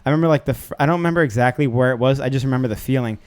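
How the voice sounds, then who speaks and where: A man's voice: medium pitch, clear, resonant tone. A man co-hosting a podcast, talking casually, chiming in often and telling his own side of the story. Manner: quick, chimes in with agreement, relaxed storyteller. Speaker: podcast co-host. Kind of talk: casual chat.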